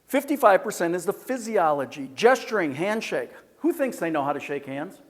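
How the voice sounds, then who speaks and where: A man in his sixties giving a live seminar talk on communication, lively and jokey, acting out what people said. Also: high-pitched, moderate pace. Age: 60s. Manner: lively, jokey, acts out quoted voices. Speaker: communication speaker. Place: large hall with an audience. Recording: long hall reverb from a live event.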